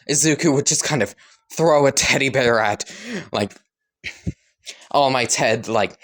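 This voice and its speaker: A man's voice: medium pitch, animated, unhurried. A man casually improvising and rambling through a fan story, full of fillers and side comments. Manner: rambling, giggly, lots of "like".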